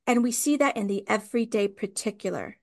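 A woman's voice: medium pitch, a little fast, a little mellow. A woman hosting a podcast, reflecting on ideas in a thoughtful, conversational way. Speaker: podcast host. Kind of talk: casual conversation.

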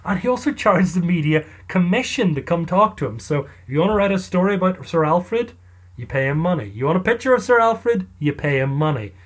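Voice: medium pitch, expressive, fairly quick. A storyteller casually telling a true story in a chatty, wry way. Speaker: storyteller narrator.

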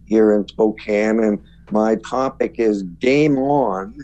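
Guest man, mellow tone, muffled lo-fi line, measured and hesitant. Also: lowish voice. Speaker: guest speaker. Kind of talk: casual interview talk. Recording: dull lo-fi sound.

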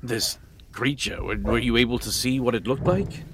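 A man's voice: medium pitch, normal speed, a bit bright, lightly acted. An anxious small-town mayor, played by a man running the game gushes with eager relief. The voice sits a touch above the man's usual register, and faint hiss runs under it. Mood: earnest. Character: nervous, fussy human town mayor.

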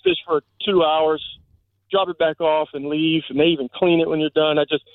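A man calling in to a radio show, telling a story in quick chatty bursts over a phone line. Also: a little high, fairly even intonation, dry recording. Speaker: caller. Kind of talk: casual chat.

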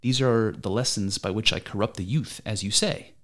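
A man's voice: fairly low pitch, moderate pace, a bit bright, lightly acted. A man reading the part of an aging male philosopher defending himself in court, pressing his accuser with pointed rhetorical questions in an amateur dramatic reading. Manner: argumentative, probing rhetorical questions.

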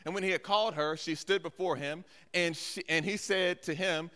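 A guest pastor preaches a sermon in a large church sanctuary, his slightly high voice bright and pushed, moving at a moderate pace with hardly any pauses. He acts out little asides and calls out to the congregation, and the recording carries a long hall reverb.

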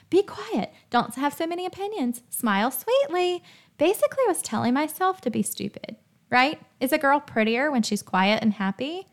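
A young woman hosting a devotional podcast, talking casually and emphatically and often checking in with "right?". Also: on the high side. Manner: lively, emphatic, chatty with frequent "right?" and "like". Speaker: faith podcast host.

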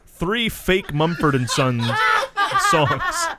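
A man's voice: sits high, huge pitch swings, extremely slow, very noisy. A man co-hosting a film podcast, joking wryly in casual chat. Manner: wry, joking delivery. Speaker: podcast co-host, film critic.

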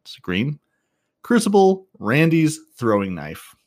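A man hosting a gaming podcast, teasing his co-hosts and running through news in quick, rambling bursts. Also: a little high, big pitch swings, a little mellow. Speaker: podcast host. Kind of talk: casual gaming podcast chat.

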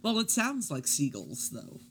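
Easygoing teasing podcast host. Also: male voice, on the high side, huge pitch swings, unhurried, very noisy. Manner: easygoing, teasing, frequent short agreements. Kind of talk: casual podcast chat.

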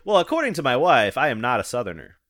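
On a casual podcast, a man from the American South talks fast at a medium pitch. His storytelling is animated and profane, punctuated by frequent laughter.

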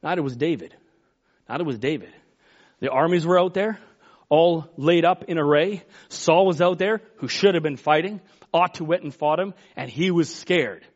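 A man's voice: on the high side, moderate pace. A man preaching a sermon in a folksy, emphatic way, acting out Bible quotes as he goes. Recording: dull lo-fi recording.

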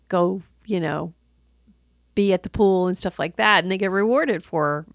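A woman in casual chat about a movie, explaining loosely and trailing off softly at the ends of phrases. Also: lowish voice, measured pace, vocal fry, dry recording, studio quality.

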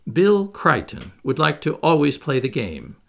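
A man reading aloud, voicing a proud, restrained former butler who speaks gravely and searches his own feelings. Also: a little high, wildly swooping pitch, exaggerated voice. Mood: earnest. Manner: grave, measured, self-searching.

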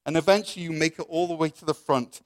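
A man's voice: a little high, fairly even intonation, quick pace, dry recording, clean studio sound. A man preaching, telling a story in the second person and then leading a prayer. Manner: storytelling, second person, with soft quoted voices. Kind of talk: sermon illustration and prayer.

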